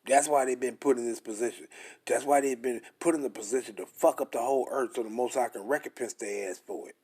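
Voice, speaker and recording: Husky blunt-talking male preacher. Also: medium pitch, darkish tone. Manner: emphatic, blunt and profane, slows way down to read verses. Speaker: scripture teacher. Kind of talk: preaching and reading scripture aloud.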